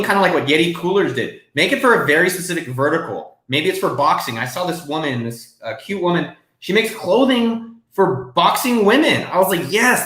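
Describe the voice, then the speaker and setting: A man hosts a live question-and-answer stream from his home desk. He talks in a loose, excitable way and swears now and then. His voice sits fairly high, and the room adds a noticeable echo. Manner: casual, excitable, profane. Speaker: host.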